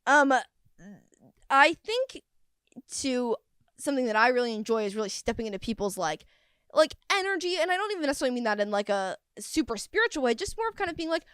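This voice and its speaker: A woman co-hosting a podcast in casual chat, giggly and animated, saying "like" a lot. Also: high voice, brisk, clean tone, dry recording, clean studio sound. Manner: giggly, animated, says "like" often. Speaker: podcast co-host.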